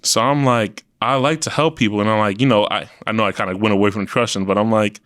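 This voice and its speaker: A young man with a New York accent, his voice sitting on the low side, tells stories in a blunt, profane way. He breaks into lively quoted lines of what he and his friends said. The sound is close and dry, with no room in it. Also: fast talker, no room sound. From Queens, New York. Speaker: podcast guest, event promoter. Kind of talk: casual interview chat.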